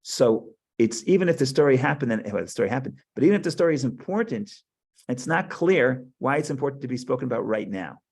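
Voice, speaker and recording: A man teaches a Torah class in a loose, conversational way. His voice is gravelly and sits in a middle range. He tells stories, often restarting and repeating words as he goes. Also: medium pitch, animated, fast, darkish tone. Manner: chatty storytelling with frequent restarts.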